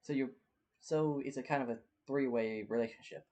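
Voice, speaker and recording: A man's voice: medium pitch, normal speed, crowd noise. A man improvising a fan story aloud with a partner, narrating events and quoting characters in a plain, casual way.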